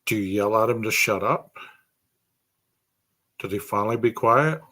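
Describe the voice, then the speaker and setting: A man's voice: fairly low pitch, measured pace, pushed and bright. A man hosting a true crime podcast, speculating aloud through a string of rhetorical questions.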